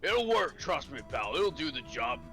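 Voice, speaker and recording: A man's voice: mid-range voice, very animated, moderate pace, over music. A man voicing a folksy pal-saying detective. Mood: cheerful. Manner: hearty, folksy, ends lines with pal. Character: gruff friendly male detective, loyal, calls everyone pal. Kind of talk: reading game dialogue aloud on a live stream.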